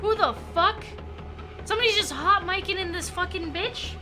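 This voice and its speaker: A woman's voice: very high-pitched, normal speed, sharp tone, faint music behind. A young adult woman streaming a game live, chatting casually, swearing freely and yelping when startled. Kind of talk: casual chat while gaming live.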